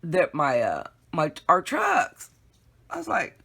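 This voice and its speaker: Chatty woman craft vlogger, bright, gravelly voice, rambling storyteller. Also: lowish voice, huge pitch swings, takes it slowly. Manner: chatty, rambling, laughs often, addresses viewers as y'all. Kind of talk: casual storytelling to viewers.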